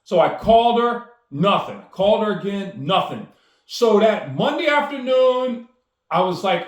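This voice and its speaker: A man's voice: high-pitched, animated, unhurried, reverberant. A man telling a personal story with enthusiasm, acting out the dialogue as he goes. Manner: enthusiastic, acts out quoted dialogue. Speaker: storyteller and speaker.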